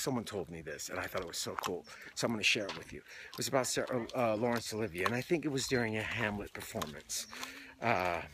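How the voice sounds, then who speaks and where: A man talks about acting as a coach, casual and candid, swearing now and then. His voice sits at an ordinary pitch and sometimes sinks to a near whisper. A faint noise runs under the recording. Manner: casual and animated, with swearing and storytelling.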